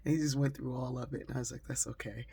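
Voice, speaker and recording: Husky, raspy woman telling a story. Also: a bass voice, flat delivery, very fast, warm tone. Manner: conversational, with frequent fillers. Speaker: speaker telling a personal story. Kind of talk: storytelling monologue.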